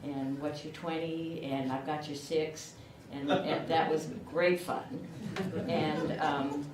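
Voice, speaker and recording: She takes it slowly: an older award recipient with a rural southern Illinois accent and a slightly low voice, making a chatty, self-deprecating acceptance speech. Background noise runs steadily beneath her, and she is captured from a distance in an echoey room.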